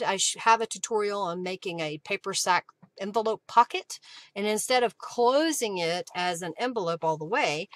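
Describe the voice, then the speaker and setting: A woman's voice: lowish voice, a bit bright, dry recording. A woman hosting a live craft session, chatting casually and reading viewer comments aloud with frequent laughs. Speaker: craft livestream host.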